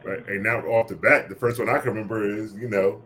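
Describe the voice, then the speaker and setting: A man's voice: fairly low pitch, steady tone, fast, a bit bright, slight background noise. A man co-hosting a podcast, talking candidly and laughing at himself in casual chat. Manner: candid, self-mocking, laughs often. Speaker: podcast co-host.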